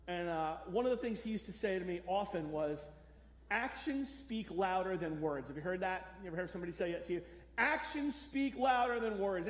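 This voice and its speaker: In an echoey church hall, a male pastor delivers a conversational sermon, putting questions to his listeners. He has a high-pitched, slightly mellow voice.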